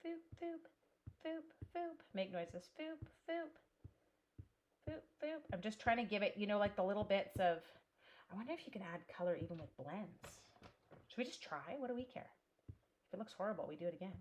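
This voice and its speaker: A woman's voice: mid-range voice, fast, slight background noise. A chatty woman hosting a live crafting tutorial from a home craft room, thinking aloud and greeting viewers by name as she works. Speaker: crafting demonstrator.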